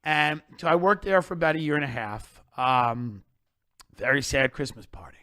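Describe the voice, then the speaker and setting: A man telling comedic stories on a podcast, animated and emphatic, with plenty of profanity. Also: mid-range voice, normal speed, no echo, studio quality.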